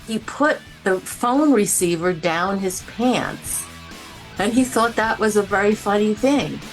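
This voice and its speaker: A woman on a podcast telling a wry anecdote with quick asides. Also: mid-range voice, animated, over music. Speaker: interviewed guest telling a story. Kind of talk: casual anecdote.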